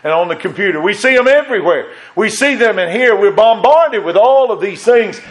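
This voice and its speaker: A man's voice: high voice, animated, a little fast, poor audio. A middle-aged man preaching a sermon as pastor, earnest, repeating phrases and quoting scripture in old wording.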